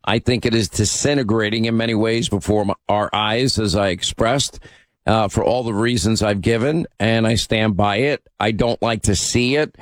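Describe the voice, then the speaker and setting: A man's voice: on the low side, moderate pace, dry recording. A man hosting a talk radio show, speaking emphatically and with opinion, often using fillers. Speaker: host.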